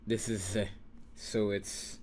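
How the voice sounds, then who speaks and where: Slow, low-voiced man teaching. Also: little pitch movement, darkish tone, a little hiss or hum. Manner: patient, repeats sounds slowly for the learner; mutters to himself while writing. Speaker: Hebrew teacher. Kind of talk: informal lesson.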